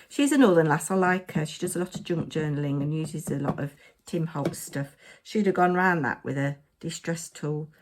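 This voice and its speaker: Tired, chatty woman crafting at her desk. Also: medium pitch. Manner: muttering to herself, playful asides.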